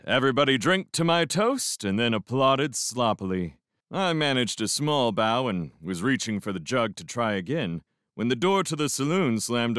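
A man reading a novel aloud as an expressive first-person fan audiobook narrator. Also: fairly low pitch, no room sound, studio quality. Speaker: audiobook reader.

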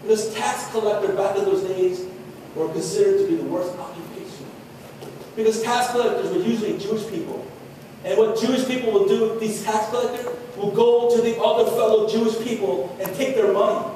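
A pastor delivers an earnest sermon, his voice sitting high for a man. He sounds set back from the microphone in a large, echoing hall. When he quotes scripture, he eases into softer tones. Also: fairly even intonation, brisk, a little hiss or hum. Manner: earnest preaching, drops to soft tones for quotes. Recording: echoey hall from far off.

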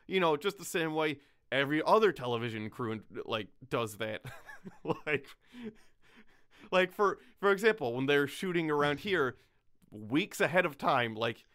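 A man's voice: mid-range voice, a bit bright, smooth. A man hosting a podcast, chatting casually with lots of laughs and fillers. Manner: rambling, laughing often, filler-heavy. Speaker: podcast host.

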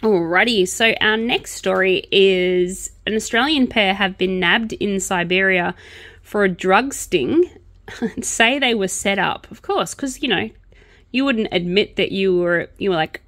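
A woman's voice: medium pitch, a little slow, a bit bright, dry recording. Woman crochet vlogger, chatty, snarky jokes, medium voice. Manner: sarcastic, chatty, joking. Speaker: crochet and true crime vlogger. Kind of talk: casual chat while crocheting.

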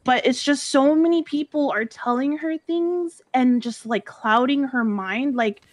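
A young woman speaks in character on a roleplay stream, recounting events in an earnest, emotional way. Her voice sits a little high. The sound is dry and close. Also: unhurried, no echo.

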